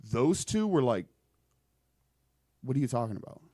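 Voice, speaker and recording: A man's voice: mid-range voice, normal speed, no room sound, studio quality. Swearing young man telling a creepy story. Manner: rambling, swearing, animated retelling. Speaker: podcast guest. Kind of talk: casual storytelling.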